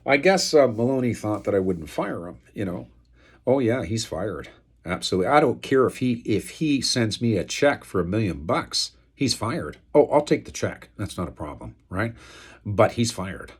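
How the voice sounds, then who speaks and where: A man talking unscripted to the camera, aggrieved and angry, rambling with many fillers and getting louder when outraged. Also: very animated, moderate pace, slightly rough. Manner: turns loud and high-pitched when outraged. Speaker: video blogger airing an estate dispute.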